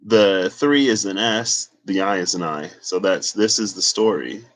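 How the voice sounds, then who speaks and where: A man's voice: low voice, unhurried, rough recording. A man giving a casual solo tarot reading and rambling as he thinks aloud. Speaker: tarot reader.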